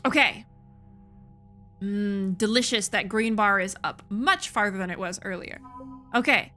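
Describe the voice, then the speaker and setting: A woman's voice: medium pitch, unhurried, pauses often, bright, forceful tone, faint music behind. A woman streaming a video game, chatting casually, frustrated and swearing freely. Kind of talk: casual let's-play commentary.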